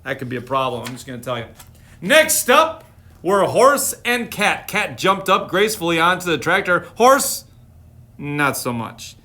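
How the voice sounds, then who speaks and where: A man's voice: on the high side, big pitch swings, moderate pace, bright, forceful tone. A man reading a picture book aloud on a live stream, playful, with chatty asides to his viewers. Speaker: storytime reader.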